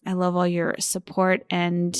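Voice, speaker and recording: A woman's voice: on the low side, monotone, a little slow, smooth. A woman in her thirties hosting a podcast, talking in a heartfelt, gushing way. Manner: warm, heartfelt and gushing, often near tears. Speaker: podcast host. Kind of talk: reading listener reviews on a podcast; scripted disclaimer read.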